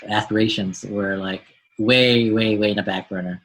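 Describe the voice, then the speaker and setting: An American man with a low, bright, forceful voice answers interview questions. He talks reflectively and stops to repeat his words as he goes. His tone stays direct even when his pitch sits low. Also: moderate pace, slight background noise, low-quality recording. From United States. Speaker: guest, doctor and mentor. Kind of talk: podcast interview.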